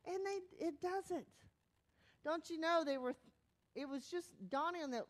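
A woman pastor giving a sermon in a conversational, animated way, sometimes dropping to a hushed, soft tone. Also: very high voice, a little slow.

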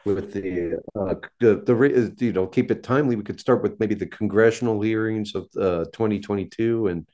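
A man, an author guest on a podcast, talking casually in halting speech with many restarts and repeated words. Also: fairly low pitch, mellow. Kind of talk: casual interview talk.

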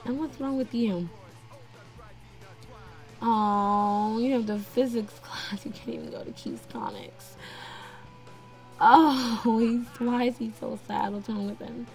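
Slow, mellow-voiced woman chatting over gameplay. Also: on the high side, animated. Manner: chatty, talks to her game characters. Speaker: gameplay narrator. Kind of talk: casual let's-play commentary. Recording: faint game music behind.

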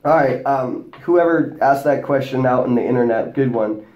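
A man hosting a casual group chat, jokey and animated, laughing often. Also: medium pitch, moderate pace, lo-fi sound. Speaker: host. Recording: echoey room.

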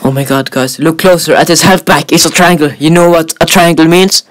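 A man's voice: fairly high pitch, fairly even intonation, fairly quick. A man giving casual, joking gameplay commentary, boasting and swearing as he plays. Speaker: gaming video host.

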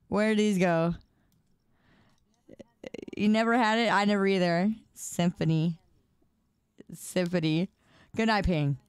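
A woman's voice: medium pitch, a little mellow, clean tone, dry recording, studio quality. A woman streamer chatting playfully with her viewers, repeating words in a sing-song drawl. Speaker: livestreamer. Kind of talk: casual live-stream chat.

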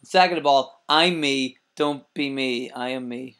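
A young man with a Northern Irish accent, co-hosting a podcast in playful, joking banter with deadpan asides. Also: medium pitch, measured pace, clear, resonant tone. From Northern Ireland. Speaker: podcast co-host.

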